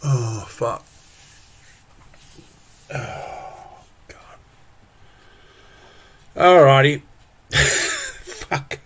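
A man's voice: medium pitch, wildly swooping pitch, extremely slow, pauses often, a bit bright, breathy edge. A man ranting angrily and profanely, full of exasperated repetitions. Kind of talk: angry solo rant.

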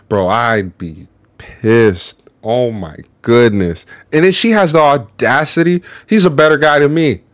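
A man's voice: mid-range voice, no room sound. A man hosting a reaction video, giving slangy, exasperated commentary.

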